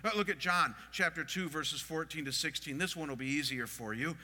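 A middle-aged man delivers a sermon in a high, very bright voice, questioning his listeners as he goes. His pastor's voice rings out with a long reverb from the hall around him. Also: a little fast. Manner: expressive, asks the audience questions.

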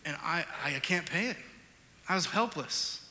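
A male pastor preaching a sermon, telling a personal story with animated swings between loud outbursts and hushed reflection. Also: fairly high pitch, measured pace, long reverb tail.

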